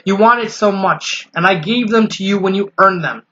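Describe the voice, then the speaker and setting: Gentle motherly pony princess, read by a man, calm and earnest, bright tone, slightly muffled. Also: high-pitched, moderate pace, slight background noise.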